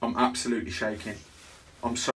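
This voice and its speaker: A young man trapped in a cramped lift, panicking and shaking as he keeps repeating soothing words. His voice is bright and a bit sharp. It is caught on a phone held some way off, with a faint hiss behind it. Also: medium pitch, little pitch movement, fairly quick, distant mic. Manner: shaky, repeats reassurances, shouts for help. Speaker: vlogger. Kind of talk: frightened handheld vlog. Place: inside a small stuck lift.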